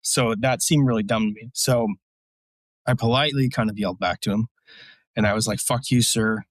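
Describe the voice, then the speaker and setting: A man's voice: on the low side, a little fast, no room sound. A man, a military veteran guest, telling a story casually in a blunt, profane, rambling way with lots of fillers.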